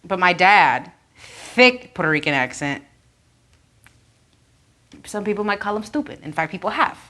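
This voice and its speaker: Female co-host, lower-middle pitch, frank and impassioned delivery. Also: expressive, moderate pace, pushed and bright. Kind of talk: casual panel discussion.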